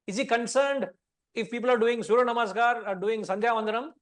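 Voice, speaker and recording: A man's voice: very high voice, fairly even intonation, fast talker, dry recording. A middle-aged man with an Indian English accent, teaching the Gita to a study class in a conversational, teasing way.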